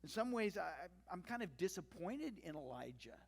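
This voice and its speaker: Pastor, conversational sermon, wry asides, acted-out quotes, middle pitch, long church reverb. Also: big pitch swings, moderate pace, gravelly, husky. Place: church sanctuary.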